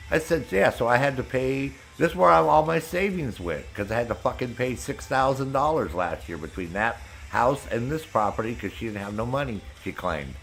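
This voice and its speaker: A man's voice: medium pitch, expressive, normal speed, vocal fry, few pauses, fairly bright tone, soft background music. A man streaming a video game, venting angrily in casual talk with constant swearing. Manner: angry venting, heavy swearing. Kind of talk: casual chat while gaming.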